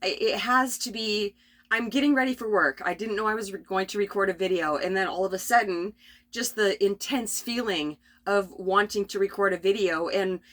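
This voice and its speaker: A middle-aged woman rambling through a spontaneous spiritual vlog from her RV, tired and coughing, with many restarts and soft laughs. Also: medium pitch, normal speed. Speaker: vlogger. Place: at home in an RV.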